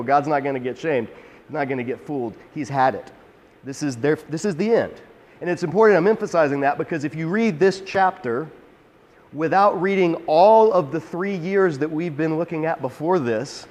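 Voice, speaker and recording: A man teaching through a Bible passage in an energetic, emphatic, conversational way. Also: medium pitch. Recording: long hall reverb.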